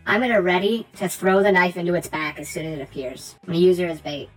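A woman's voice: lowish voice, fairly even intonation, fast talker, over music, rough recording. A woman playing a tabletop game, dry and wry. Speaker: player.

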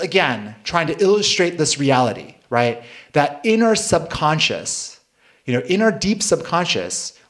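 A man in his thirties gives a relaxed, conversational sermon. His voice sits a little high and swings widely in pitch. He keeps checking in with "right?" and laughs at his own failings. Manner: casual, frequent "right?" checks, laughs at himself. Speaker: pastor.

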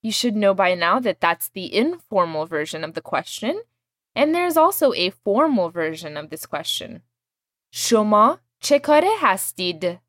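A woman teaching a language lesson, explaining words patiently and clearly and modeling each one for her student to repeat. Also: mid-range voice, very animated, moderate pace, a bit bright, no room sound, studio quality.

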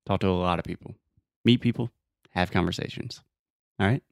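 A man's voice: low-pitched, brisk, gravelly, no echo, studio quality. A young American man with a Southern accent, hosting a casual chat and giving step-by-step advice. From United States. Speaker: host.

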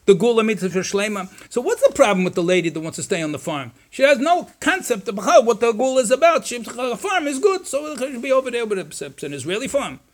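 Man, rabbi, Torah class, high voice, animated, sarcastic asides, quotes Hebrew and Yiddish.

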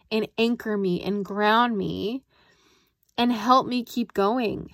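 A woman's voice: on the high side, no room sound, clean studio sound. Chatty woman coach telling a story. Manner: chatty, animated, lots of fillers and self-quoting. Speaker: perfectionism coach and podcast host. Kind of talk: solo podcast storytelling.

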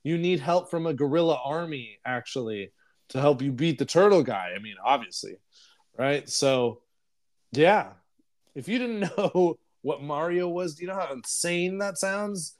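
A man's voice: fairly high pitch, lively intonation, a little slow. A young man co-hosting a podcast, casually recapping a film in a rambling way and laughing often. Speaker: podcast co-host. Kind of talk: casual chat, movie review.

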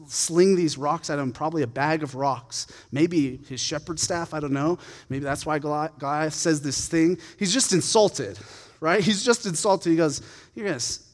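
A man preaching a sermon, retelling a story in a casual, animated and humorous way. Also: fairly high pitch, big-room sound. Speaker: pastor.

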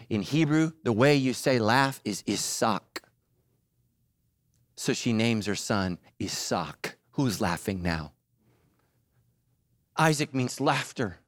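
A pastor preaches a sermon, telling a humorous story and acting out the quotes, his voice swinging between loud, high bursts and low, quiet emphasis. The recording is studio quality with no echo.

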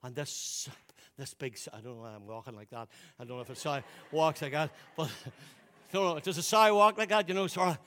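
A man's voice: fairly high pitch, a little fast, bright, forceful tone, slight background noise. Emphatic male pastor preaching a sermon. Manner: emphatic, repeats words when pressing a point. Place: church service.

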